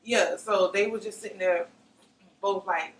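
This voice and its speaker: A young woman speaks her testimony with raw feeling, jumping into other people's voices as she retells what happened. Her pitch sits mid-range. The mic catches her from a little distance in an echoey room. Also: steady tone, a little slow. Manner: emotional, vivid, often acts out what others said. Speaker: interviewee. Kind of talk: personal testimony. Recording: roomy, slightly distant mic with faint noise.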